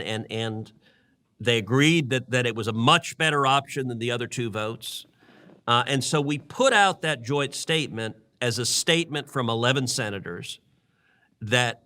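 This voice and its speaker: A man's voice: mid-range voice, pushed and bright. A middle-aged man and podcast host recounting events in earnest conversational storytelling, often repeating words as he restarts.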